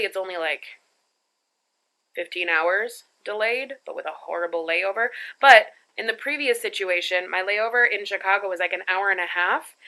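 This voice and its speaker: Young woman vlogger, very bright tone, chatty and self-mocking, recorded on a handheld phone. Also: fairly low pitch, low-quality recording. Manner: chatty, rambling, laughs at herself. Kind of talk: casual travel vlog. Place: family home, then in a car.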